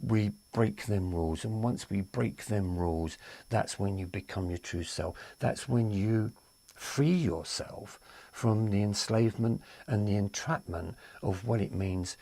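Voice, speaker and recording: A man's voice: unhurried, vocal fry, dark tone. A man from East London with an East London accent, hosting a casual spiritual live stream, rambling, repeating himself and reading out viewer comments. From East London, England. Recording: dry, close, low-quality setup.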